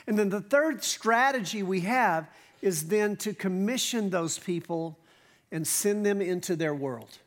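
A male pastor, giving a conversational sermon with asides and slow emphatic phrases. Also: high-pitched. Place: church stage.

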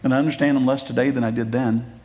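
A man's voice: medium pitch, steady tone, fast talker, background noise. A middle-aged man preaching a sermon in a church, conversational, with joking asides and earnest appeals to fathers. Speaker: pastor.

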